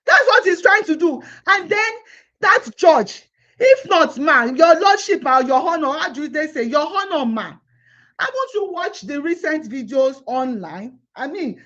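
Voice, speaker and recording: An activist vlogger, this Nigerian woman pleads and protests in an impassioned monologue, firing off rhetorical questions. Her voice is high-pitched, bright and forceful, heard through dull lo-fi phone audio.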